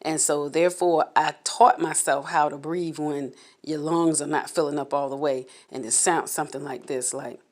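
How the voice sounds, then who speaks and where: A woman vlogger candidly recounting a personal experience to camera, halting and repeating words as she goes. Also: deep voice, fairly even intonation, a little mellow. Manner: candid, halting, repeats words while telling her story.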